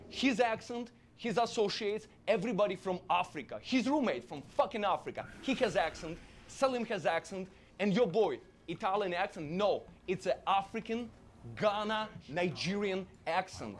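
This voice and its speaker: A man with an Eastern European accent confronts someone, blunt and heated. His voice sits high and swings widely in pitch. He talks as an independent journalist. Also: animated, moderate pace, a little hiss or hum.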